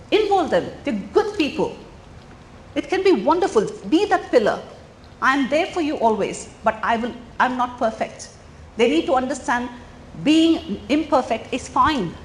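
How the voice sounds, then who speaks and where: A middle-aged woman speaks to a room of parents in an earnest, animated way, often turning questions back on her listeners. Her voice sits a little higher than most women's. The room is echoey, with a faint hum of background noise. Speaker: parenting speaker at a school coffee morning. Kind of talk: lively talk to a room of parents. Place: school hall or meeting room.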